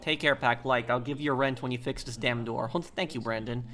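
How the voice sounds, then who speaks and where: A man's voice: medium pitch, fairly even intonation, a little fast, fairly bright tone, soft background music. A man who hosts a live stream from the United States, reading viewer comments aloud and answering them in a rambling, opinionated way while he plays.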